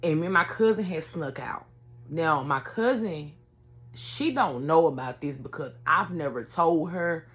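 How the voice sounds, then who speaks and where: A woman's voice: low-pitched, expressive, a little slow, fairly bright tone. A woman telling an emotional personal story to her viewers in an earnest, conversational way. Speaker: vlogger sharing a personal testimony.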